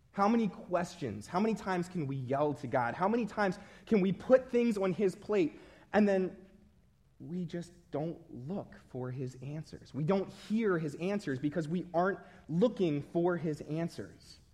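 A man with a slightly high voice preaches a sermon. His delivery is conversational and self-deprecating, relaxed like storytelling among friends. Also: measured pace.

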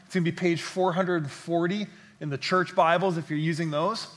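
A pastor preaching a sermon in a church, in a friendly, conversational manner. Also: male voice, fairly high pitch, fairly even intonation, moderate pace, fairly bright tone.

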